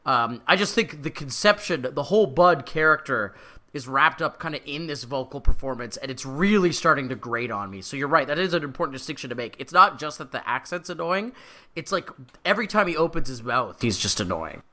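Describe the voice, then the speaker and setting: Wry, opinionated man with a bright voice. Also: medium pitch, expressive, fairly quick. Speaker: podcast co-host. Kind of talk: casual chat.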